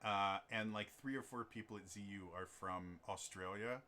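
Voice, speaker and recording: A man's voice: fairly low pitch, moderate pace, sharp tone, slight background noise. A man running his own tabletop campaign on a stream, chatting in a rambling way with many ums and restarts. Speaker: game master and streamer. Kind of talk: casual chat on a stream.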